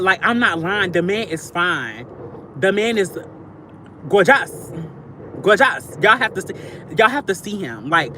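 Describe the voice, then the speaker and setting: Picture a woman on a livestream, talking straight to her viewers like they're close friends. Her voice is bright and sharp, and it swings up and down a lot as she gushes and rambles. The chat stays loose and playful the whole way through. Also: medium pitch, slight background noise. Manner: gushing, chatty, addresses viewers as "y'all" and "sister".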